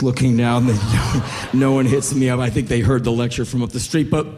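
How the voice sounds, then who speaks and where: A man's voice: mid-range voice, warm tone, a little hiss or hum. A man performing a spoken-word rant on stage, intense and profane.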